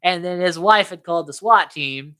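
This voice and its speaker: A woman's voice: lowish voice, moderate pace, smooth. A woman co-hosting a casual film podcast, retelling scenes with lots of acted-out quotes. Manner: animated retelling, acts out quotes in voices. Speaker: podcast co-host. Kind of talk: casual chat recapping a film.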